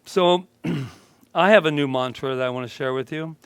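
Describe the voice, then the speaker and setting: A man's voice: on the high side, moderate pace, clear, resonant tone, no room sound. A male minister giving a casual, joking sermon and chatting with his congregation. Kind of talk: conversational sermon.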